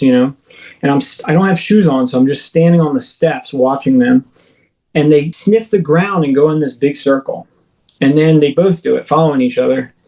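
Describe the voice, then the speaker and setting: A man, a podcast guest, recounting his own experience in a rambling, filler-heavy way and acting out his own shouts as he retells it. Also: a little high, low-quality recording. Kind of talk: first-person storytelling in a podcast interview.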